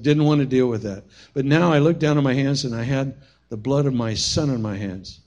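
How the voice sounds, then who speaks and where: Storytelling preacher man, loud and soft swings. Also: mid-range voice. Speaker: pastor. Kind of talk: sermon.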